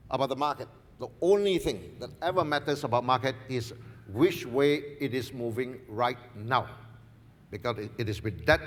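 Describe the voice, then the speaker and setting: A man gives a seminar talk, stressing his points by repeating key phrases. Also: mid-range voice. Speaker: seminar speaker. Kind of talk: market presentation with anecdotes. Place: seminar hall. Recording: long reverb in a seminar hall.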